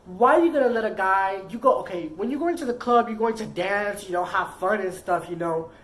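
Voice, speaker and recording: A woman's voice: medium pitch, poor audio. A woman casually telling a personal story, rambling and filling her sentences with "like". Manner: rambling, heavy use of "like".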